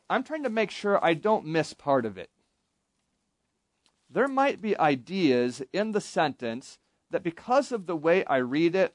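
Young campers get an interactive Bible lesson from their camp teacher, a man with a fairly high-pitched voice who asks them questions and leads call-and-response. The audio has no echo.

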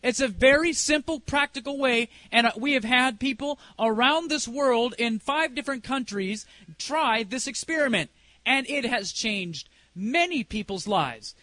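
A man's voice: extremely high pitch, lively intonation, measured pace, pushed and bright, dry recording. A middle-aged man preaching a sermon as a preacher and singer, telling a personal story in a conversational way and asking the congregation questions.

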